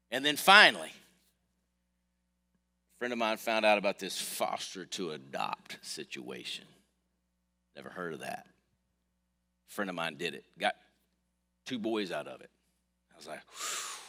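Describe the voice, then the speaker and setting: A man preaching a sermon as pastor, telling a personal story with his voice swinging from soft to loud. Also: deep voice. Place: church sanctuary. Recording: long hall reverb.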